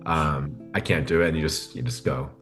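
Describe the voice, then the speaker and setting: A man's voice: a bass voice, steady tone, fairly quick, fairly bright tone, soft background music. A man as a podcast guest, talking reflectively and often checking in with the listener. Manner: reflective, often adds a tag question. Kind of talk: conversational interview.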